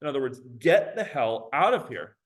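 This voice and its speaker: A man's voice: mid-range voice, very animated, moderate pace, low-quality recording. A male teacher giving a recorded lecture on a poem, talking casually with many fillers and reading verse aloud with drama.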